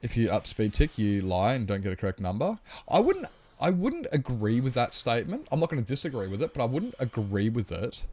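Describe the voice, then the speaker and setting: A man's voice: mid-range voice, very animated, fairly quick, a little mellow. A man livestreaming a game, talking casually and at length while answering his chat. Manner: rambling, chatty, explains at length; reads and answers chat comments.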